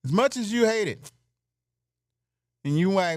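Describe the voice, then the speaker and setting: A man's voice: high-pitched, expressive, unhurried, darkish tone, no room sound. Brash man joking in a dry room. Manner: brash, joking, laughs at his own bits. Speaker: podcast host. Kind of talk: casual comedic monologue.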